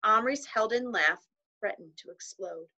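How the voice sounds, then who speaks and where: A woman narrates a children's novel aloud in a measured storytelling manner, with voices for its characters. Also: mid-range voice, sharp tone, lo-fi sound. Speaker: audiobook reader.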